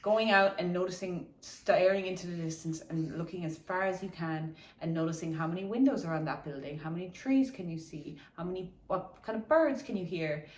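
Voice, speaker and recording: A woman in a casual, reflective talk about slowing down, speaking loosely with swearing and laughter while out on a morning walk. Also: lowish voice, roomy sound, far from the mic. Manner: meandering, chatty, swears casually, laughs often. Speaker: wellness vlogger.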